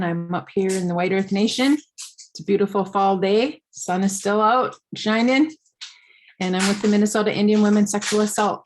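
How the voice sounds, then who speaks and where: A woman introducing herself on a video-call panel, cheerful and relaxed. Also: medium pitch, a little hiss or hum. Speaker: panel guest.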